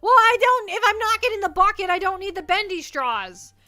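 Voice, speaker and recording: Bright high-voiced woman streamer. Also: expressive, a little fast, soft background music. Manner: playful, rambling, reads chat aloud. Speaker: livestreamer. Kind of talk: casual livestream chat. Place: at a desk at home.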